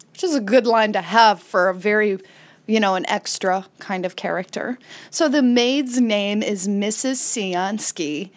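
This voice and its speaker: A woman hosting a podcast, casually recapping an episode in a chatty way and briefly acting out quoted lines. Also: medium pitch. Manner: chatty, retells scenes with brief acted-out quotes. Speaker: podcast host.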